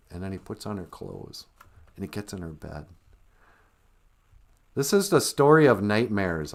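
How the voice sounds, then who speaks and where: Wry man telling a story with a low, lively voice. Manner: wry, sarcastic. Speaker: live stream host. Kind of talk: comedic storytelling.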